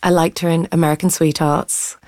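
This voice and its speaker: A woman critic gives chatty, opinionated takes in an arts radio discussion. Her voice is low, and the studio sound is dry. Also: level tone, a little fast, darkish tone, no echo. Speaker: film critic.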